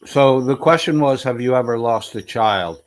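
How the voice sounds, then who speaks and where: A man's voice: mid-range voice, moderate pace. A man commentating heatedly over replayed clips, mocking and taunting in a profane way. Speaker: streamer reacting to clips.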